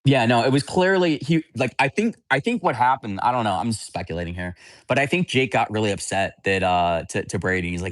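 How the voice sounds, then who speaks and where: Blunt, rambling man with a low voice. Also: fairly quick, dry recording, studio quality. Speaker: livestream host. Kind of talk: casual livestream chat answering viewers.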